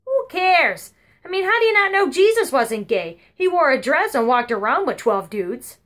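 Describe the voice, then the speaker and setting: A woman putting on a loud high old granny voice, blunt and excitable, way up high. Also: moderate pace. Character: feisty outspoken old grandmother, blunt and excitable.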